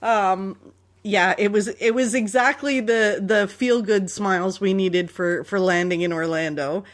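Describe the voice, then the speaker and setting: A woman from Canada hosts a casual podcast, telling stories with animation and frequent laughter. Her voice sits in a middle pitch. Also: measured pace. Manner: animated storyteller, laughs often. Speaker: podcast host. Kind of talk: casual storytelling chat.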